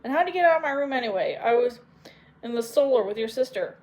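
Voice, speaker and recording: A woman's voice: fairly high pitch, lively intonation, moderate pace, darkish tone, natural voice. A woman reading an audiobook, voicing a fierce, irritable witch who scolds sharply. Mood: furious.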